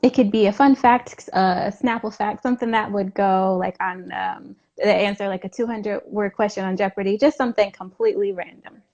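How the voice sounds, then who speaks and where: A woman's voice: mid-range voice, steady tone, a little fast, hardly any pauses, a little mellow, lo-fi sound. A woman hosting a casual interview on a video call, talking in a loose, chatty way with many asides. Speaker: host.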